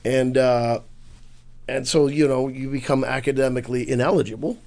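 A man's voice: medium pitch, fairly even intonation, moderate pace, gravelly, darkish tone. A man from Missouri, an improv comedian and guest, telling rambling, self-deprecating stories in a casual interview chat. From Missouri, USA.

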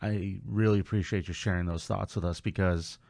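A man's voice: low voice, steady tone, brisk, vocal fry, darkish tone, no room sound. A man hosting a casual interview, joking with his guest and asking follow-up questions. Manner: playful, jokes with the guest, asks follow-up questions. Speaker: interview host.

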